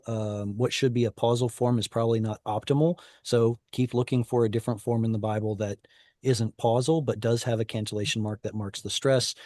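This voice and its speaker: A man's voice: medium pitch, darkish tone, dry recording. Man, online teacher, casual explaining, dry sound, many fillers. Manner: explanatory, informal, lots of fillers and restarts. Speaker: Hebrew teacher. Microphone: video call.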